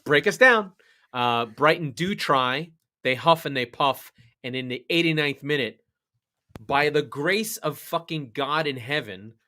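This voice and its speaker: A man co-hosting a casual football podcast, swearing freely and laughing as he talks through match results. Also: fairly high pitch. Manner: animated, laughing, swears a lot, acts out quotes. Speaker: podcast co-host. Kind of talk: casual sports podcast chat.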